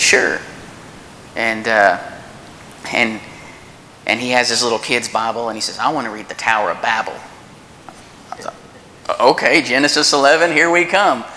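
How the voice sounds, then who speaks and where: Earnest guy in his 30s preaching at church, bright voice, echoey hall, faint rumble behind. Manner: earnest, conversational, with many restarts and pauses. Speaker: preacher filling in at a church service. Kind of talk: informal sermon with a personal story. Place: church meeting room.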